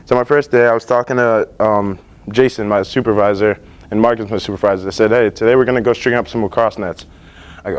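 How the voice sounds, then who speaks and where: A man's voice: on the low side, fast. Young man giving a class presentation. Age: teens. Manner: relaxed and earnest, with many fillers and restarts. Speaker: student presenter. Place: school library.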